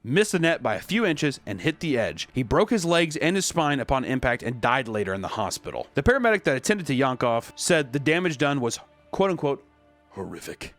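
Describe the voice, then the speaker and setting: A young man hosting a comedic commentary, casual and animated, swearing freely. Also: medium pitch, fairly quick, faint music behind. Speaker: host.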